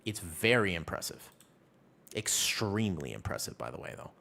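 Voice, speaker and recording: Animated low-voiced man streaming a game. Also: moderate pace, creaky. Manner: animated storyteller chatting with viewers. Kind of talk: casual chat while streaming a game.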